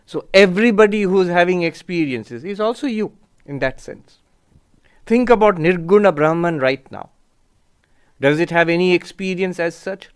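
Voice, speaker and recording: A man gives an unhurried spiritual lecture, reflecting aloud and pausing over terms. His voice is smooth and resonant, sitting slightly high for a man. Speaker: spiritual teacher. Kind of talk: lecture with audience questions.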